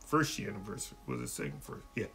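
A man's voice: lowish voice, wildly swooping pitch, quick pace, a bit bright, breathy edge. A man, a pastor hosting a livestream question-and-answer session and greeting viewers by name in a folksy way. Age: adult, married.

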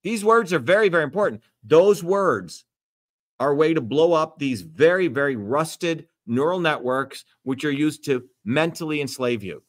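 Emphatic, lecturing man with a higher voice. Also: animated, normal speed. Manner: swears freely. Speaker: host. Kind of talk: livestream Q&A talk.

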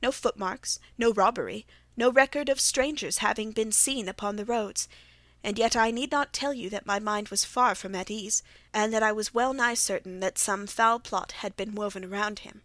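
A woman reading a classic story aloud as an audiobook, in a steady, measured first-person telling. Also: mid-range voice, no room sound. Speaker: audiobook narrator.

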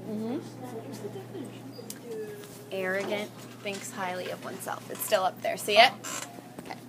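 A woman's voice: medium pitch, steady tone, unhurried, background noise. A woman teaching a vocabulary lesson in a classroom, upbeat and calling on students by name.

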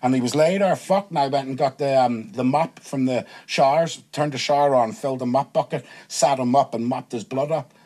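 A man guesting on a casual podcast tells school stories in a mid-range voice, speaking a little fast. He's an animated storyteller who swears freely and acts out the voices of the people he quotes.

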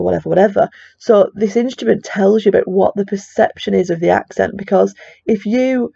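A woman's voice: medium pitch, creaky, dark tone, breathy edge, no echo, lo-fi sound. A teacher, a woman with a broad Chorley accent, explains a research study in a chatty lecture with plenty of fillers. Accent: Chorley, Lancashire. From England.

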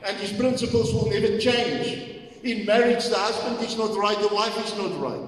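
High-pitched preacher guy, far off the mic, big church echo. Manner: reads scripture slowly, then explains with many fillers. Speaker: pastor. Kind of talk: sermon. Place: church hall. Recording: echoey church hall from far off.

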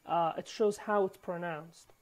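A woman whose first language is Kurdish, teaching a language lesson in halting English full of fillers, repeating each word for practice. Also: fairly low pitch, fairly even intonation. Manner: halting, many fillers and restarts. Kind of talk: recorded online lesson.

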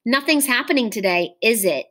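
A mean schoolboy sneers and mocks a classmate, voiced by a woman reading a story aloud. She drops her voice slightly lower and gives the lines a rough, scornful edge. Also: expressive, moderate pace, a bit bright. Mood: taunting. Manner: taunting, rough.

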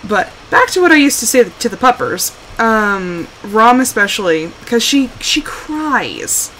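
A woman's voice: a little high, sing-song, unhurried, a bit bright, slight background noise, poor audio. A woman streaming a survival game live, chatting casually and exclaiming, scolding her game character as she plays. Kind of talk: casual live gameplay commentary.

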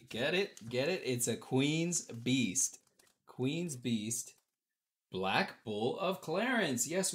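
A man's voice: mid-range voice, slightly rough. Upbeat man hosting a live auction. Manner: casual, upbeat, chatty, calling bids and reading comments. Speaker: auction host. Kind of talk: live-stream auction chat.

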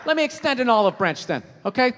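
A man's voice: extremely high pitch, sing-song, fast, fairly bright tone. A man performing stand-up comedy, ranting with heavy profanity and emphatic jabs at the crowd. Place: comedy stage before a live audience. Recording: reverberant live venue with crowd noise.

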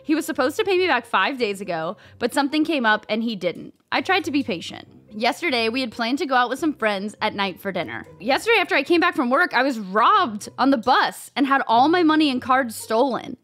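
A woman hosting a casual vlog, reading posts aloud and passing blunt, sweary judgments, laughing as she goes. Her voice sits fairly high and swings widely in pitch. Faint music plays underneath. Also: very animated, brisk, few pauses, a bit bright. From United States. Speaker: host reading and judging advice posts.

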